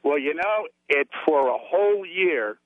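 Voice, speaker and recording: A man's voice: fairly high pitch, animated, a little slow, no room sound. A man calling into a radio talk show, a former police officer telling his story in a blunt, tough-talking way. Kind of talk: call-in storytelling. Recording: tinny phone line.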